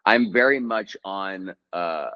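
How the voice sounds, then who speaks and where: Man, 30s, low voice, hesitant casual storyteller, muffled lo-fi audio. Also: slow, bright, forceful tone. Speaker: actor, guest. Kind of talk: casual chat.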